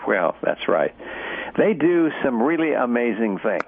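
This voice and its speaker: A man's voice: medium pitch, sing-song, a little slow, creaky. A man hosting a call-in health radio show as a doctor, chatty and explaining plainly, laughing often. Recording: phone-like radio broadcast.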